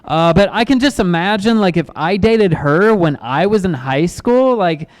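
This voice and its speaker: High-voiced awkward stand-up comedian man. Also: lively intonation, rough recording. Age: 30s. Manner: awkward, self-deprecating, halting with ums and restarts. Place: comedy club stage.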